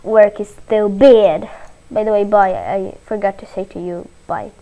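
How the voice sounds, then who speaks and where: A woman giving playful gameplay commentary, giggly and easily panicked, bursting into shrill cries of no. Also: a little slow, rough recording. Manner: excitable, breaks into high panicked shrieks of "no"; giggly and playful between outbursts. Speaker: gaming video host.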